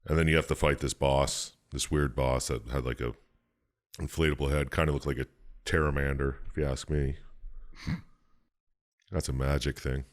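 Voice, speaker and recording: A man co-hosting a podcast, rambling through a game's plot with swearing and jumping into high put-on voices for the characters. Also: steady tone, moderate pace, pauses often. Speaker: podcast co-host. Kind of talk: casual chat, recapping a game plot.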